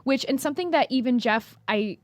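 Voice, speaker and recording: A woman's voice: sits high, expressive, brisk, no room sound. A young woman talking candidly and earnestly on a podcast, swearing freely and getting emotional. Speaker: employee and co-host.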